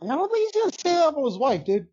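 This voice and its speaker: A man's voice: very high-pitched, wildly swooping pitch, very fast, a little mellow, dull audio. A man co-hosting a casual podcast in a laid-back way, adding asides and trivia. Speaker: podcast co-host.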